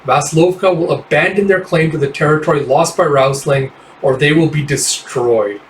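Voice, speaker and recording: A man reading the part of an imposing male clan spokesman, delivering a measured threat. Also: fairly high pitch, close to an everyday voice. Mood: threatening. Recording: roomy, distant mic, faint hiss.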